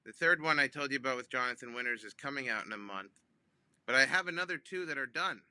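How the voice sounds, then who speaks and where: A comedian, a man, telling a funny phone-call story in an animated way, with many ums and restarts, acting out both sides. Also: medium pitch, fast talker, dry recording. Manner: acts out both sides of phone calls with big voice jumps. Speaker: comedian guest.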